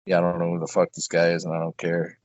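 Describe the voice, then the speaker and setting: A man's voice: low voice, monotone, fast, a little mellow, no echo, muffled recording. A man co-hosting a podcast, chatting casually with blunt, profane reactions. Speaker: podcast co-host. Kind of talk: casual chat.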